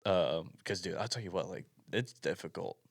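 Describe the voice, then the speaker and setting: A man's voice: deep voice, moderate pace, gravelly, breathy edge, dry recording, clean studio sound. A young man co-hosting a podcast, talking earnestly and a bit rambly about youth ministry. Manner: earnest, rambling, heavy on fillers. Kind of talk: casual chat.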